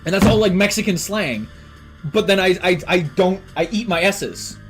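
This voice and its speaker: A man's voice: high-pitched, moderate pace, soft background music. A young man from Canada chatting casually on a stream, rambling with lots of fillers and swearing. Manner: rambling, filler-heavy and profane. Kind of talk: casual chat.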